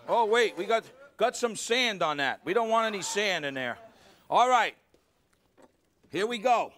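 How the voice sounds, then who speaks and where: Exuberant high-voiced man hosting a cooking show. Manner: exuberant, talks straight to the studio audience. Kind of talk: live cooking demonstration. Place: TV studio kitchen. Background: faint studio audience.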